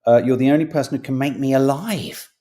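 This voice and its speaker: A man's voice: mid-range voice, fairly quick, warm tone. A man hosting a casual podcast, reading tabloid stories aloud with playful emphasis and jokey asides, swearing now and then.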